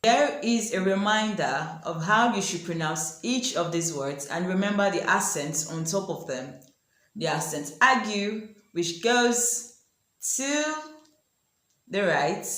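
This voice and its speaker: A woman teaching a language lesson, asking the viewer questions and repeating example words slowly. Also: fairly low pitch, lively intonation, a bit bright, roomy sound. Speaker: French teacher. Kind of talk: language lesson explaining pronunciation.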